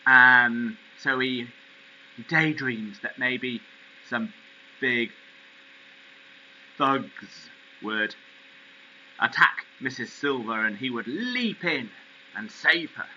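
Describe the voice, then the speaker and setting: A man's voice: mid-range voice, pushed and bright, highs cut off, slight background noise. A man teaching, reading a story aloud expressively and explaining words along the way.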